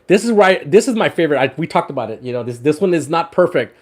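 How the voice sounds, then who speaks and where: A man's voice: fairly high pitch, lively intonation, fast talker. Chatty man hosting a fishing livestream. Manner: chatty, repeats words, laughs often. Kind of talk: casual livestream chat.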